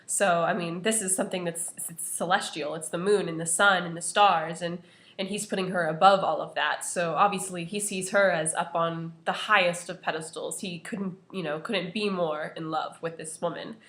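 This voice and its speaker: A woman's voice: on the low side, fairly even intonation, normal speed, a bit bright. A young woman presenting an analysis of a poem to her class, earnest and full of "you know" fillers. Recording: echoey room.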